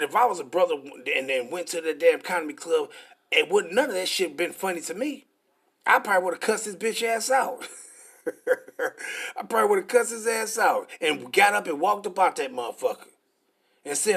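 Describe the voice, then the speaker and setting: A man preaching in a combative, profane style, reading scripture slowly between angry asides. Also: sits high, expressive, fairly bright tone, husky.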